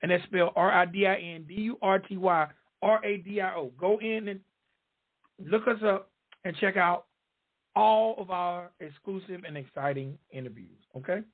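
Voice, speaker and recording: Southern-drawl male host, high voice, hyped repetitive patter, heard over a tinny phone line. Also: moderate pace. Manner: emphatic, repetitive promo patter. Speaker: radio show host. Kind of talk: hyped-up podcast interview hosting.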